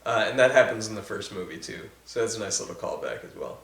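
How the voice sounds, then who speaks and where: A man in a casual movie commentary chat, easygoing and quick to agree. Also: fairly low pitch, sing-song, vocal fry, a bit bright, echoey room. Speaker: film commentator.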